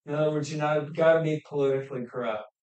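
A man preaching a sermon on a scripture passage, pausing often with fillers and restarts. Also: a little high, steady tone, darkish tone. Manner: halting, with many fillers and restarts. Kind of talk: expository sermon. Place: church hall. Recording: echoey room, mic at a distance.

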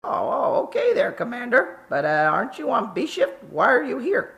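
A man's voice: very high-pitched, huge pitch swings, moderate pace, gravelly, bright, forceful tone, full character voice. A man's synthesized voice playing a sarcastic, short firefighter from Canada who needles the others, with hesitant fillers. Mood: mocking. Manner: mocking, with filler "uh" and "there".

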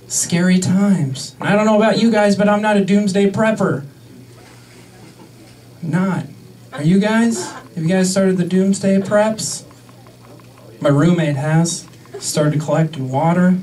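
Young guy doing standup, kinda high voice, slow drawly delivery, mic sounds far off in the club. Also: darkish tone. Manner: sarcastic, crude, mock-outraged asides. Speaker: stand-up comedian. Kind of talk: stand-up set. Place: comedy club stage.

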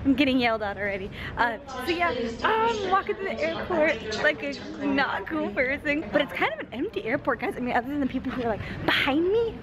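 A woman vlogging casually to camera, bubbly and excitable, often gasping and giggling as she talks. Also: high voice, fairly quick, hardly any pauses. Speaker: vlogger and streamer. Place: home room, then an airport terminal. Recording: noisy handheld vlog audio.

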